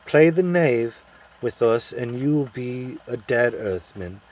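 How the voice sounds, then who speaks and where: A noble young prince gives orders in formal, courtly speech, read aloud by a man. His voice is firm and lifted slightly above a plain reading tone, carrying quiet authority. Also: medium pitch, lively intonation, slow pace, dull audio. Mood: stern.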